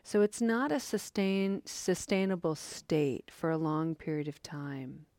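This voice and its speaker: A woman giving a gentle, contemplative dharma talk that leads into a guided meditation. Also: low voice, fairly even intonation, a little slow, no room sound. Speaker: meditation teacher.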